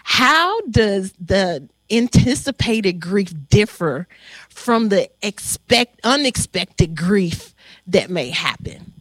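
A woman hosting a talk on grief, telling a personal story in a heartfelt, animated way with frequent pauses. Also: mid-range voice, dry recording. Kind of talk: emotional storytelling.

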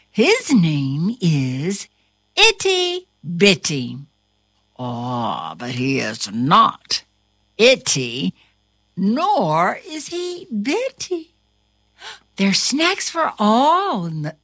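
A woman reads a children's storybook aloud, her bright voice rising and falling in wide swoops. She takes her time over every line and adds gasps and little sound effects for fun. The recording is close and dry. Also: fairly low pitch, no room sound. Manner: slow, sing-song and animated, with gasps and playful sound effects. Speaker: storybook reader. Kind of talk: children's picture book read-aloud.

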